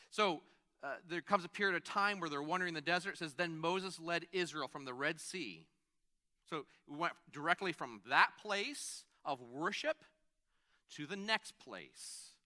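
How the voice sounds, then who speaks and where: Male pastor, fairly high bright voice, casual preaching style with asides. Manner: conversational, with frequent restarts and asides. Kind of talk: sermon.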